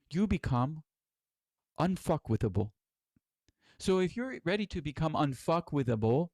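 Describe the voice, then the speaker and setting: A man's voice: on the high side, warm tone, dry recording, clean studio sound. A middle-aged man giving a spiritual lecture as its teacher, earnest and exhorting, with casual swearing.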